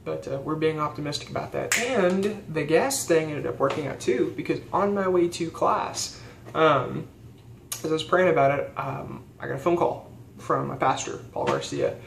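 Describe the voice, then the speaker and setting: A man's voice: fairly high pitch, expressive, moderate pace, creaky. A young man and theology student telling a story in a casual vlog, earnest and rambling with fillers and restarts. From rural United States. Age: young adult. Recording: echoey room with faint background hiss.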